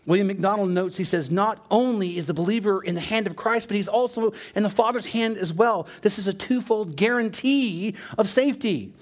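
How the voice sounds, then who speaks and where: A man preaching a sermon, emphatic, often repeating words for stress and asking his listeners "right?". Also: sits high. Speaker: pastor.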